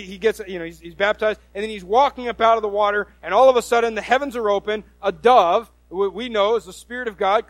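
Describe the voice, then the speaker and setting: A man preaching a sermon as a pastor, folksy and animated, with many restarts. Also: sits high, no room sound.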